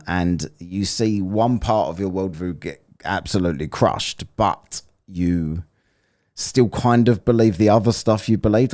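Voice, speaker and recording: An English man streams while reviewing a debate, commenting casually in a chatty, rambling way and joking and laughing as he reads the chat. His voice is low-pitched with a darkish tone.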